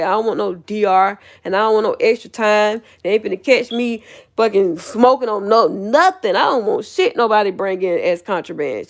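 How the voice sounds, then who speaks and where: A woman livestreaming a heated, profane rant, laughing scornfully as she talks. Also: medium pitch.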